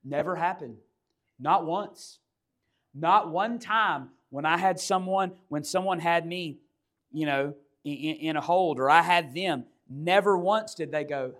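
Man, conversational preacher, slightly high voice, story-driven sermon, hushed asides and loud bursts. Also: a little slow. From South Georgia, USA. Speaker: pastor.

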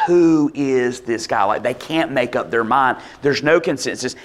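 A man preaching a conversational sermon, explaining a passage in lively, casual speech and acting out quoted voices. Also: mid-range voice. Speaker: pastor.

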